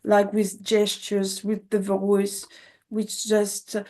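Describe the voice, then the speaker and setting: A woman's voice: mid-range voice, completely flat delivery, slow pace, darkish tone. A woman with a French accent, a guest coach who speaks English as a second language, thoughtful and laughing easily as she talks. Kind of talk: conversational interview.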